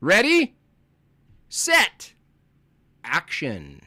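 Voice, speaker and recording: A man's voice: high voice, huge pitch swings, extremely slow, dry recording. A man in absurd comedy banter, agreeing in a mock-profound way. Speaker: comedy podcast co-host. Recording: loud music behind.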